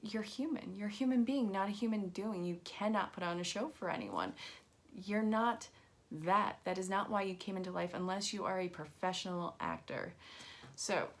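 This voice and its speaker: A woman's voice: mid-range voice, lively intonation, normal speed. A woman giving a casual live-streamed card reading, chatty and reassuring as she talks straight to her viewers. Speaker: angel card reader.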